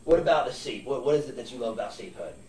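A man's voice: medium pitch, animated, racing. A man hosting a comedic wrestling interview show, joking, laughing often and calling everyone mate. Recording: echoey room from far off, faint noise.

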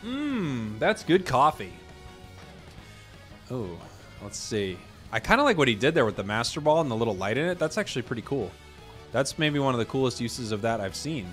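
A man hosting a gaming video, chatting casually about his matches and bursting into loud excitement at big plays. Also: mid-range voice, moderate pace, soft background music. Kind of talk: casual gameplay commentary.

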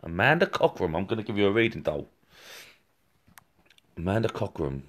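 A man's voice: low-pitched, very animated, normal speed, a bit bright. A man giving a rambling live-streamed psychic reading, talking straight to viewers with many fillers and restarts. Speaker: psychic medium.

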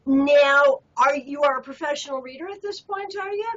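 A woman's voice: sits high, normal speed, a bit bright. A woman hosting an interview, asking eager, gushing questions. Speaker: host. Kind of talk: casual interview chat. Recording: muffled lo-fi audio.

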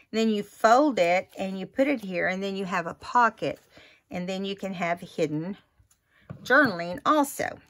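A woman's voice: medium pitch, bright, forceful tone. A woman hosting a casual crafting tutorial, chatting and thinking aloud as she works.

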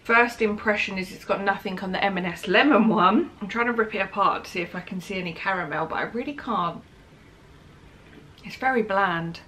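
A young woman with a bright, forceful voice talks through a snack taste test. She is tired and heavily pregnant, chatty and candid, and often speaks between bites. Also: medium pitch, quick pace, hardly any pauses. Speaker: vlogger. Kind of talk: casual taste-test vlog.

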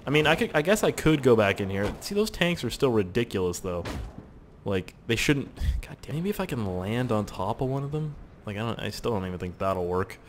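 A man giving excitable, joking, profane running commentary while playing a video game. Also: lowish voice, a little hiss or hum. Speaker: gaming commentator. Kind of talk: let's play commentary.

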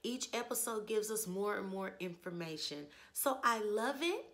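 A woman with a hoarse voice from losing it, hosting a chatty, opinionated TV episode review with rhetorical questions. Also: mid-range voice, expressive, normal speed, fairly bright tone. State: hoarse, lost her voice. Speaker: TV review channel host. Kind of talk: casual spoken TV episode review.

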